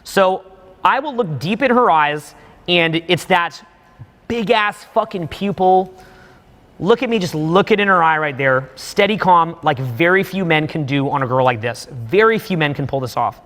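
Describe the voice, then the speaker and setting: A man's voice: a little high, lively intonation, moderate pace, fairly bright tone, big-room sound. A man in his thirties giving emphatic, profane live commentary on video footage for a class of students. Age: 30s. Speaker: dating coach.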